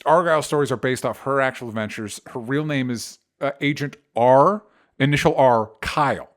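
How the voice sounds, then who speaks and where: A man's voice: mid-range voice, fairly bright tone. A man co-hosting a casual chat show, ranting animatedly with exasperation and swearing. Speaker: podcast co-host.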